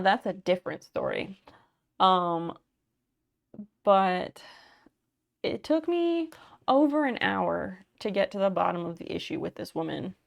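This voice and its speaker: A chatty woman streaming live from home and talking with her viewers. Her voice carries a gravelly fry, and she reads out names, tells anecdotes and drops casual swears. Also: mid-range voice. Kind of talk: casual livestream chat with viewers.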